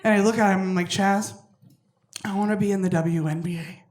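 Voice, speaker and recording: A young adult woman works through a stand-up set, loud and profane, with a middle-pitched voice. She jumps up high whenever she acts out other people. The sound carries the roomy echo of a club. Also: fairly even intonation, a little fast, a crowd in the background. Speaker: stand-up comedian. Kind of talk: stand-up routine. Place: comedy club stage with laughing audience.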